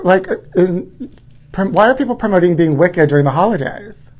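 A man's voice: high voice, lively intonation, moderate pace. A man hosting a live stream, chatting in a campy, gossipy way and calling his viewers honey. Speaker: livestream host.

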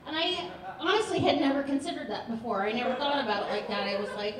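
A woman's voice: high-pitched, animated, fast. A woman performing a live stand-up comedy set, telling stories in a chatty, dry way. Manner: chatty, dry storytelling delivery. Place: comedy theater stage with audience. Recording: echoey theater, distant mic, loud crowd laughter. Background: audience laughter.

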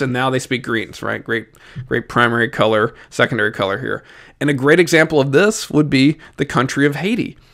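A man with a Southern US accent teaches an exam review in a lively, jokey way. His voice sits a little high for a man, and he talks right to his students.

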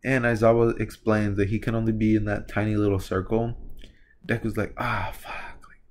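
A young man with a lowish voice rambles through a fan story in a loose, casual way. He keeps leaning on filler words as he goes. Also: little pitch movement, brisk, a little mellow. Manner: rambling, lots of "like" and "you know". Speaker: video creator.

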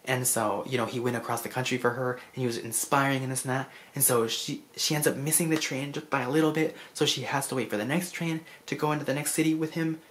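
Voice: medium pitch, steady tone, fast talker, few pauses. Rambling, effusive movie fan vlogger. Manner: rambling, effusive storytelling with many restarts; emotional about the story. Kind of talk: casual movie recap.

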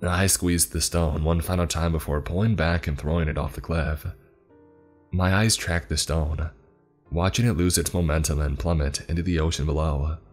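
A man narrating a horror story in the first person, measured and somber. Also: a bass voice, fairly even intonation, soft background music.

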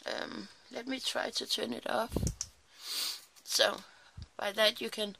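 A woman's voice: on the high side, little pitch movement, takes it slowly, gravelly, noisy background. A woman chatting casually and sleepily while crafting in her small home craft room, rambling with apologetic asides. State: sleepy, early morning. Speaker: crafting vlogger.

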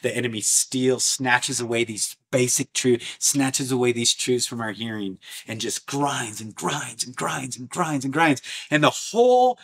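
A man preaching an impassioned sermon, animated and emphatic, swinging between loud bursts and low, intense passages with lots of repetition. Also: a little slow, hardly any pauses. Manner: repetitive, rhetorical, martial imagery.

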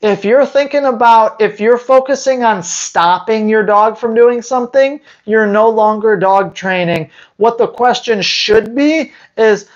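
A man's voice: high voice, unhurried, few pauses, dull audio. Blunt, teasing man answering viewers live. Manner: blunt, rhetorical questions, teasing. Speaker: dog trainer and channel host. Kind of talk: live Q&A, reading viewer questions.

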